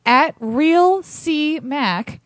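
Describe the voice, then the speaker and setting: A woman's voice: high voice, lively intonation, extremely slow, a bit bright, raised voice. A young woman co-hosting a casual chat show, reading listener messages aloud and explaining them. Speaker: co-host.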